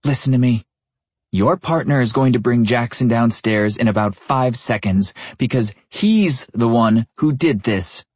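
A man voicing a fierce, high-pitched young woman. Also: measured pace, darkish tone, breathy edge, no echo, exaggerated voice. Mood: desperate, defiant. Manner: shrill, pleading and commanding.

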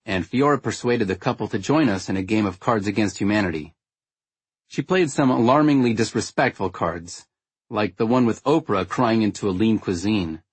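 A man narrating a first-person story in a wry, understated way, with a husky tone. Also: fairly low pitch, no echo. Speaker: audiobook narrator.

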